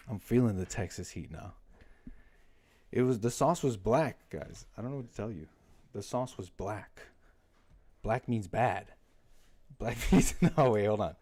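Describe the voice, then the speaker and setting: A man's voice: fairly low pitch, unhurried, long pauses, a little mellow. A man hosting a livestream, chatting casually and rambling, often breaking off his own stories with jokes. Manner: rambling, self-interrupting, jokey. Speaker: livestream host.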